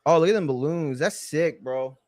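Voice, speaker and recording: This livestream watch-along host is a man with a fairly high, slightly mellow voice at normal speed, recorded dry. He chats casually, telling rambling stories heavy on slang and saying "bro" a lot.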